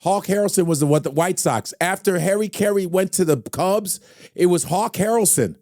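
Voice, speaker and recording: A man hosting a casual podcast chat, excitable and breaking into loud sports-announcer impressions. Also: sits high, moderate pace, no room sound, clean studio sound. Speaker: podcast host.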